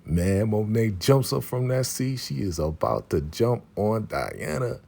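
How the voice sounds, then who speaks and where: Husky deep voiced guy hyped up recapping a show. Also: a little slow. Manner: excitable, acts out quotes. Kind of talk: casual episode recap.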